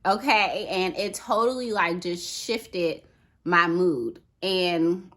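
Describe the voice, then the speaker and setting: A woman talking casually to camera as a vlogger, chatty and animated, peppering her talk with "okay" and "right". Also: on the low side, slow pace. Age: adult with a daughter.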